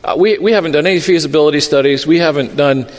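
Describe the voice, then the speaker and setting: High-voiced preacher in an echoing hall. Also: male voice, fast talker. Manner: expressive storytelling with acted-out quotes. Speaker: pastor. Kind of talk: sermon.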